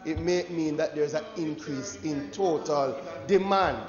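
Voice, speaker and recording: A man's voice: fairly high pitch, a little slow. A Jamaican man, a member of parliament, raising a point of order in an insistent, combative way. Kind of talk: parliamentary objection. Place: large parliament chamber. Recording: dull echoey chamber audio with crowd murmur.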